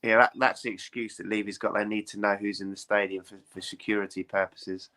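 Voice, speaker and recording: A man in casual football chat, talking in a chatty, opinionated way. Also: on the low side. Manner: chatty, animated, quick to opinion.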